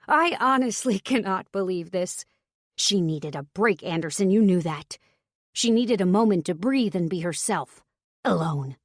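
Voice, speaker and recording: A woman's voice: lowish voice, expressive, normal speed, darkish tone, husky, dry recording, clean studio sound. Woman voicing a seething older brother. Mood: angry. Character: furious protective older brother, adult man.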